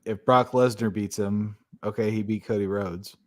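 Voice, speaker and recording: A man's voice: on the low side, fairly even intonation, normal speed. A man co-hosting a podcast in casual chat, blunt and profane and laughing often. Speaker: podcast co-host.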